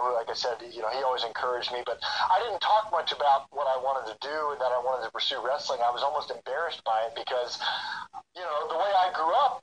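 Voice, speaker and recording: A man's voice: mid-range voice, a little hiss or hum, poor audio. A middle-aged man, a wrestler being interviewed, telling his story candidly with lots of restarts and fillers. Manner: animated, full of restarts and fillers, acts out quoted voices. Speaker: guest, professional wrestler.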